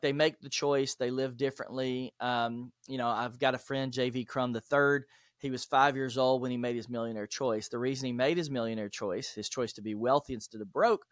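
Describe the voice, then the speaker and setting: A male author appears as a podcast guest, telling stories in an interview and animatedly acting out the dialogue. His medium-pitched voice is captured in a dry, clean studio recording.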